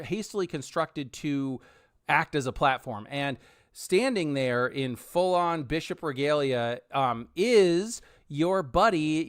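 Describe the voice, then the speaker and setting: A man's voice: on the high side, dry recording, clean studio sound. A man narrating a tabletop game as game master, rambling with many fillers.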